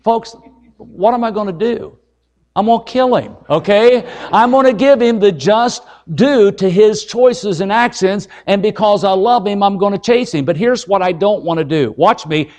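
Middle-aged male evangelist, high voice, folksy jokey sermon that keeps calling on "folks". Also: moderate pace, darkish tone.

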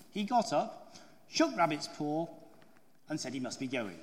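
A man's voice: fairly high pitch, sing-song, unhurried. A man preaching a sermon in a storytelling way, often asking his listeners rhetorical questions. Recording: echoey hall.

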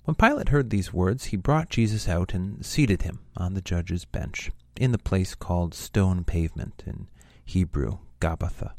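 A man reading a Gospel passage aloud in a measured, steady way. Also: sits low, no room sound, clean studio sound. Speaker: scripture reader.

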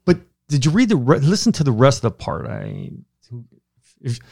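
A man's voice: medium pitch, wildly swooping pitch, moderate pace, gravelly, darkish tone, no room sound. Older man in a dry, close podcast recording. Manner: conversational, rising and intense when reading aloud. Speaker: podcast co-host. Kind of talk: casual chat and reading aloud.

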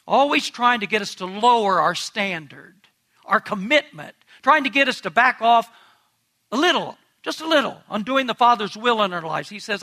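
A man's voice: high-pitched, sharp tone. A man pastor preaching a sermon in an earnest, emphatic way, asking the congregation direct questions.

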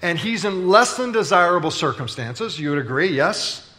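A man's voice: high-pitched, animated, normal speed, pushed and bright. A man preaching a sermon as pastor, telling stories in a playful, conversational way and bantering with the congregation. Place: large church auditorium.

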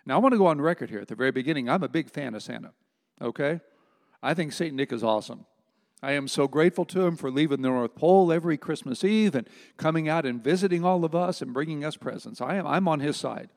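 An emphatic man delivers a sermon in a conversational way, stressing words and turning to the audience with asides. His voice sits a little high for a man. It rings out with a long hall reverb. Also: expressive, fast. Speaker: preacher.

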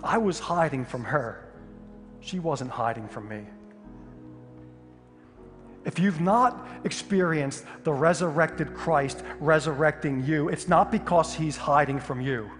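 Male pastor, lively comic storytelling sermon, reverberant hall, faint music behind. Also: on the high side. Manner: animated, humorous storytelling with sudden loud outbursts.

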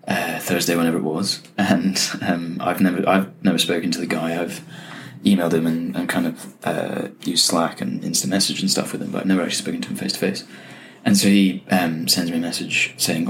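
A young man with a deep voice and a gravelly, creaky edge talks through a solo podcast episode. He tells his stories casually, with a dry, self-mocking humor. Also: fairly bright tone, a little hiss or hum. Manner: wry, self-deprecating storyteller. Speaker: podcast host.

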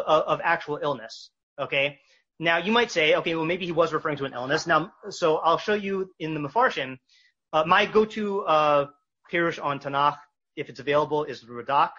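A man teaches a casual text study class, his voice husky yet bright and a little high. He reads Hebrew verses slowly, then translates them with restarts and fillers. The recording is dull and lo-fi. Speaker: Torah teacher.

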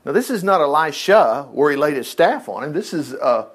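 A man preaching a folksy sermon, reading scripture aloud and breaking off into lively asides and laughter. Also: on the high side, moderate pace, breathy edge. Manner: folksy, animated, reads scripture then riffs with asides and laughs.

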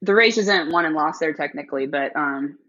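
A woman tells a story on a podcast, animated and quick to act out voices. Her voice has a husky edge, and the recording sounds a bit dull and lo-fi. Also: low voice. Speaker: podcast guest. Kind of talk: casual chat.

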